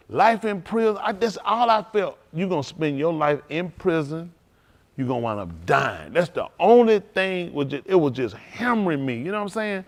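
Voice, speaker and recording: A man gives an informal testimony to his congregation in a synagogue hall during a livestream, emotional and conversational, often bursting into laughter and exclamations. His voice is high-pitched and a bit bright.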